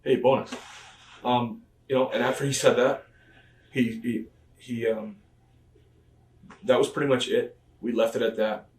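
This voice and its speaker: A man's voice: medium pitch, fairly even intonation, measured pace, long pauses. A man being interviewed, telling stories in a loose, rambling way with plenty of fillers. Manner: rambling, filler-heavy retelling of past conversations. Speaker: interview guest, professional wrestler. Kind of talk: conversational storytelling interview. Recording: echoey room, mic at a distance.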